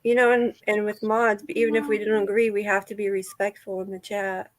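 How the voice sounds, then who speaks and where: A woman co-hosting and moderating a casual livestream chat, calm and matter-of-fact. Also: medium pitch, brisk, no echo, studio quality. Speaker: co-host and moderator.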